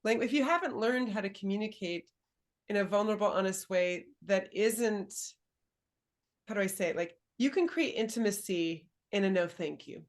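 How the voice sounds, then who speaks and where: A woman coach in an easygoing conversation, her voice sitting at an ordinary middle pitch. She talks reflectively, pausing to find the right words and laughing lightly along the way. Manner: thoughtful, searching for words, gently laughing. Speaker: dating and embodiment coach, host. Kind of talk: casual conversational interview.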